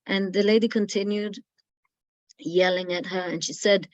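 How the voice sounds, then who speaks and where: A middle-aged woman giving a storytelling talk as a guest speaker, who acts out the people in her story in louder, higher voices. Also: steady tone, normal speed, dry recording, dull audio. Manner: acts out quoted voices, loud and high when quoting.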